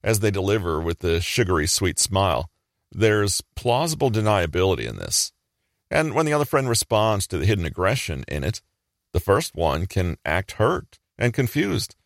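A man giving a measured, explanatory scripted narration. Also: sits low, sing-song, no room sound, studio quality.

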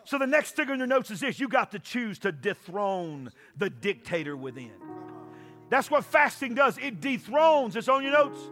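A man preaching a sermon, often shouting and calling for responses from the congregation. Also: very high voice, big pitch swings, moderate pace, soft background music. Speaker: pastor.

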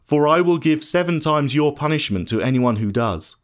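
A grave, deep-voiced God speaks in measured warnings, put on by a man reading a storybook. He is stern but caring, and his voice swings widely in pitch. He sounds well below the reader's own voice. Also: lively intonation, close to an everyday voice. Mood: reassuring. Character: God, stern yet caring, solemn male deity.

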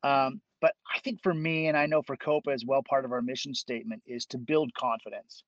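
A man's voice: medium pitch, steady tone, fairly quick, dry recording, dull audio. A man guest in a casual interview, easygoing and laughing often, with hesitant fillers as he recalls things. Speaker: guest, musician and arts teacher.

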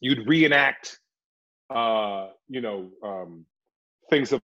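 Middle-aged guy, husky voice, chatty storyteller in an interview, muffled lo-fi audio. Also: mid-range voice, very slow. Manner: animated, chatty, slips into voices. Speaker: actor and guest.

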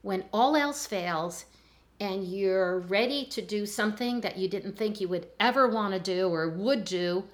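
An older woman, a chiropractor, talking in a relaxed interview and telling stories with lively acted-out voices. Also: medium pitch, a little slow. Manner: animated storyteller, acts out voices in anecdotes. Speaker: chiropractor guest. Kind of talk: conversational interview.

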